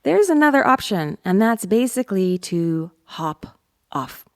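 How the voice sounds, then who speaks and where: A woman's voice: medium pitch, sing-song, unhurried, no echo, clean studio sound. A woman vocal coach teaching a singing lesson, talking in an upbeat, encouraging way and singing scale demonstrations. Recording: loud piano accompaniment.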